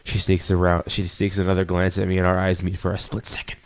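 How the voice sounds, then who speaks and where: A man reading a visual novel aloud as a let's player, adding quick asides between the narration. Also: deep voice, completely flat delivery, creaky, darkish tone, dry recording.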